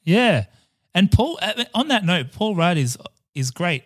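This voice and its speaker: A man co-hosting a podcast in casual chat, playful and quick to laugh. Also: high-pitched, very animated, no room sound, clean studio sound. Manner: playful, laughs often, chatty with restarts. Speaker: podcast co-host.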